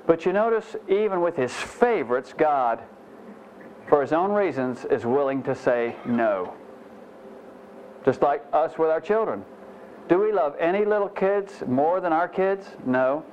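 A man's voice: fairly high pitch, expressive, unhurried, darkish tone, slight background noise. A man preaching a conversational Bible teaching sermon, folksy and self-deprecating, with frequent "you know" asides. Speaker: pastor. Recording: muffled lo-fi sermon recording.

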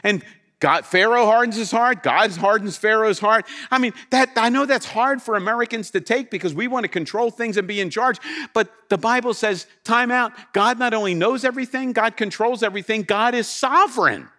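A man preaching a sermon to a congregation, animated and emphatic, acting out the scripture he quotes. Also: high-pitched, moderate pace. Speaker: pastor. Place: church with slides.

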